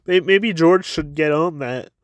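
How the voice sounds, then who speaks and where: A man's voice: fairly high pitch, a little slow, no room sound. Guy chatting through a comic chapter, stammery and dry-humored, close dry sound. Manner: stammering, repeats words, wry asides. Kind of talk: casual review monologue.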